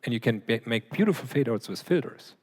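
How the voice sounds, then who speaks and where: A man's voice: mid-range voice, lively intonation, a little fast. A man lecturing in a large hall, explaining points to an audience. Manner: explanatory, demonstrating with his voice. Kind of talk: lecture Q&A answer. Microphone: handheld or clip mic, briefly removed.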